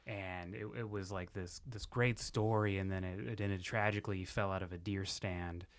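A man hosting a casual podcast chat, telling a story in a relaxed way with swearing and restarts. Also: sits low, moderate pace. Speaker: podcast host.

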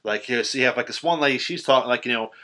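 A young man recaps a film in a loose, rambling way, full of fillers and swearing. His tone is bright and forward. He sounds like he is chatting casually with a friend. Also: medium pitch, very fast. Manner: rambling, profane, many fillers.

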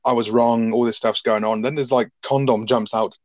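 A male podcast co-host rambles and swears cheerfully while recapping a film in a casual review chat. His voice is medium-pitched and steady at normal speed, with no echo and dull audio.

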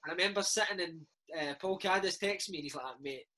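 A Scottish man in his thirties, a former footballer and podcast host, telling stories in a chatty, animated way full of slang. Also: high-pitched, fast. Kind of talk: casual chat.

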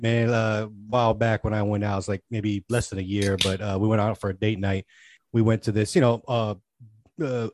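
A man's voice: fairly low pitch, dry recording. Man, 40s, podcast co-host, rambling storyteller, dry close sound. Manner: rambling storyteller, chatty and animated. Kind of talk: casual chat.

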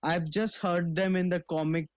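A man's voice: high voice, steady tone, moderate pace, no echo. A man in his twenties chatting casually, with a slangy, laid-back manner. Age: 20s. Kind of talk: casual chat.

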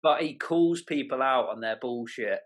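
A man's voice: mid-range voice, moderate pace. A man from England with a British accent, a guest judge on a casual chat show, dry and blunt. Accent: British English.

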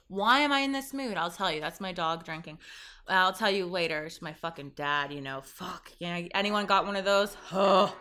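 A woman's voice: fairly low pitch, normal speed, sharp tone. A woman from Canada, hosting a podcast in a rambling, profane, casual chat and laughing at her own jokes. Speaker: podcast host.

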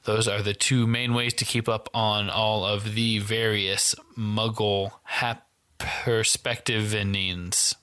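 A man's voice: fairly low pitch, level tone, a little slow, few pauses, pushed and bright. A man co-hosting a casual podcast, chatting upbeat and reading out the closing thanks and plugs. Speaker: podcast co-host.

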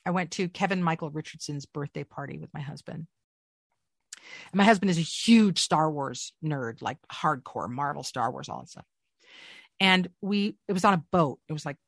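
A middle-aged woman speaks as a guest in a casual interview, swooping freely up and down in pitch. Her voice sits dry and close, with no room around it. She tells her stories with an animated, self-mocking humor. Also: no echo. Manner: animated, self-deprecating storyteller. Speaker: voice actor, guest.

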